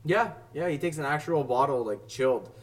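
A man's voice: fairly high pitch, fairly quick. Laid-back young guy, far from the mic. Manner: laid-back, swears a lot, laughs often. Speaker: podcast co-host. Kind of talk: casual chat. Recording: distant from the mic.

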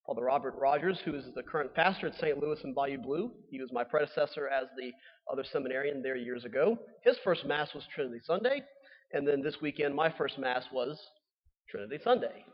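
A young man, a newly ordained priest giving a relaxed, conversational homily with fillers and playful asides. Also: mid-range voice, brisk. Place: church. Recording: dull sound with long reverb in a church.

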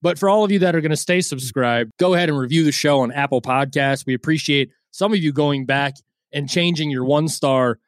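Man, podcast co-host, casual crude banter, slightly high voice, dry close sound. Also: fairly quick, dry recording.

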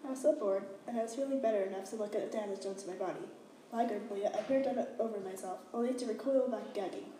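A woman reading a first-person novel aloud, with halting slips and restarts. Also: mid-range voice, echoey room, recorded from a distance, noisy background. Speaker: reader.

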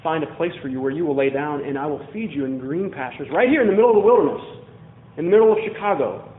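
A man's voice: fairly high pitch, expressive, fast talker, echoey room, phone-quality sound. A man from Louisiana preaching a sermon in a conversational storytelling way, asking the congregation questions. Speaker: pastor.

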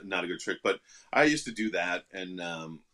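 A man's voice: low-pitched, expressive, normal speed, bright, forceful tone. A middle-aged man, an actor and guest, telling self-deprecating stories with many fillers in a casual interview.

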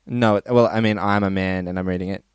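A man's voice: deep voice, steady tone, fast talker, clean tone, no echo, clean studio sound. A man hosting a podcast, casually reading listener stories in a crude, rambling way and laughing often. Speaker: podcast host.

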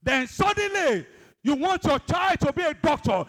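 A man preaching a sermon, exhorting the congregation, swinging between loud high bursts and low asides. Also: animated, moderate pace. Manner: exhorting, calls the congregation to respond. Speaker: pastor.

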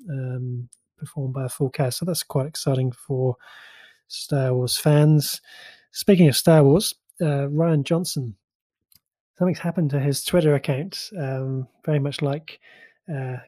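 A man's voice: mid-range voice, warm tone, no echo. A man co-hosting a podcast, reading pop-culture news in a chatty, rambling way with many fillers. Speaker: podcast co-host.

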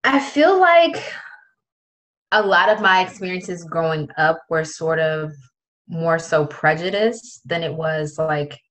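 A woman's voice: low-pitched, animated, slow, a bit bright, rough recording. A young woman from the Prince George's County area, telling a personal story in casual talk, with many fillers and quoted voices. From Prince George's County, Maryland area. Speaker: guest.

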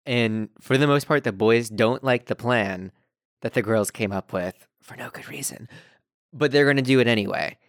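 A man's voice: medium pitch, moderate pace, no room sound. Wry podcast man, dry close sound. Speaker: podcast co-host. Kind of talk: casual recap chat.

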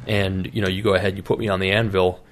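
A man's voice: low voice, level tone, fast talker. A man co-hosting a casual podcast, telling profane stories and acting out the people in them. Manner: profane storyteller acting out quoted voices. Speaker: podcast co-host.

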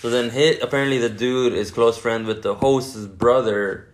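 A man's voice: mid-range voice, fairly even intonation, moderate pace. Profane rambling male storyteller. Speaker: podcast co-host. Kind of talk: casual storytelling chat.

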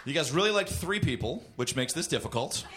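A man's voice: a little high, animated, a little fast. A man hosting a live comedy show, announcing contestants and running the applause vote. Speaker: show host. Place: comedy club stage. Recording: loud crowd noise around the mic.

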